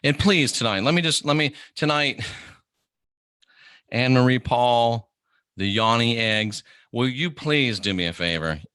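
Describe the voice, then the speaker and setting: A middle-aged man hosting a livestream, delivering an animated, preachy monologue and mimicking the people he quotes. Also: medium pitch, a little slow, clean tone, no room sound, studio quality. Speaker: host of an online channel.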